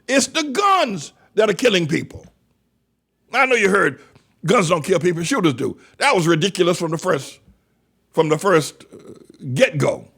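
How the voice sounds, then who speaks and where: A man's voice: sits high, a bit bright. A man pastor giving an impassioned sermon-style talk, stretching out emphatic rhetorical questions and repeating phrases for stress.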